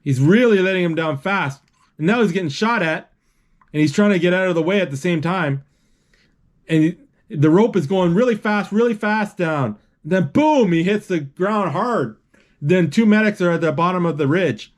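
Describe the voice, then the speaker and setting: Slightly high-pitched man retelling a movie. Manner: halting, full of restarts and "he's like", sound effects. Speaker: narrator retelling a film. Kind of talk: unscripted play-by-play retelling.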